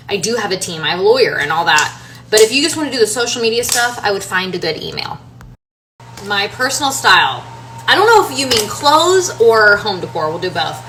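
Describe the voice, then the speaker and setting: Talking to her followers in a loose, rambling way full of fillers and restarts, a woman in her thirties who designs home renovations and creates social media content sounds expressive, pushed, and bright. Her mid-range voice moves fairly quickly, recorded somewhat far from the mic with faint room noise.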